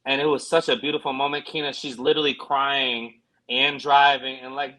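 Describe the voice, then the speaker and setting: A man's voice: medium pitch, steady tone, brisk, few pauses, sharp tone, rough recording. A man co-hosting a podcast, telling a personal story in an earnest, reflective way with plenty of fillers. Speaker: podcast co-host. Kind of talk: casual podcast chat.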